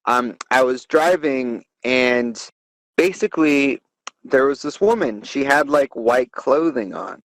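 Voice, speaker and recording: A man's voice: mid-range voice, fairly bright tone, dry recording, rough recording. A man hosting a comedy podcast, telling a crude story in a rambling, profane way and laughing as he goes. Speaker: podcast host.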